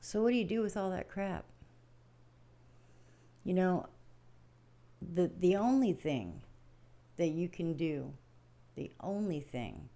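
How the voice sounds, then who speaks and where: A woman's voice: low voice, creaky, mellow. An older woman hosting a livestream, talking casually about daily stress and spirit in a folksy, rambling way, acting out small scenes as she goes. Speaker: livestream host. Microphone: home livestream setup.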